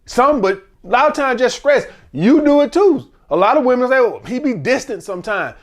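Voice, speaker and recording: A man's voice: extremely high pitch, normal speed. A man hosting a dating advice channel, ranting bluntly and profanely in a casual monologue. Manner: blunt, profane, animated rant.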